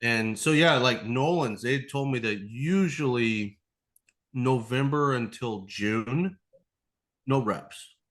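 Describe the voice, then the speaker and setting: A man's voice: medium pitch, takes it slowly, a bit bright. Man telling a rambling, profane story. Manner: rambling, swears a lot, acts out voices. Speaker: podcast guest. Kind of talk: casual storytelling chat.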